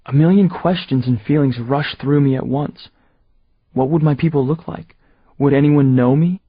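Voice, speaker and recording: A man narrating a first-person audiobook in a steady, measured storytelling voice. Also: medium pitch, slightly rough, no echo, muffled recording.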